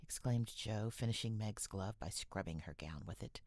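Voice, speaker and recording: A woman's voice: rumbling low, moderate pace, gravelly, a little mellow, no echo. A woman narrating a classic novel as an audiobook, reading expressively and often dropping into a whisper. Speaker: audiobook reader.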